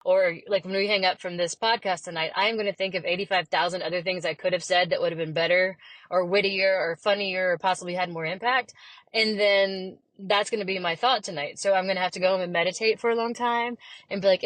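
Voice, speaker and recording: A woman's voice: fairly low pitch, brisk, dry recording, low-quality recording. Chatty woman, dry close sound. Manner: chatty, animated storyteller who acts out quotes. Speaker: podcast guest. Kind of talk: casual conversation.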